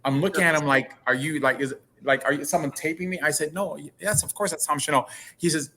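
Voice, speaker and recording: A man's voice: on the high side, a little fast, few pauses, sharp tone. A man speaking as a guest in a casual interview, earnest and often repeating and restarting his words.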